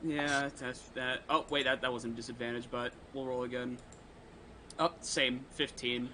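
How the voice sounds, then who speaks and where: A man's voice: mid-range voice, flat delivery, normal speed, bright, forceful tone, a little hiss or hum, poor audio. A man playing in a tabletop game, hesitant and stammering, swearing freely. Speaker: player. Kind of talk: casual tabletop play.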